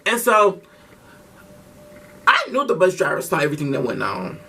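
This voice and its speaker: A man's voice: on the high side, wildly swooping pitch, normal speed, creaky, pushed and bright, husky, far from the mic. A man telling a story casually to his vlog audience, slangy and profane, with lots of restarts. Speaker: vlogger.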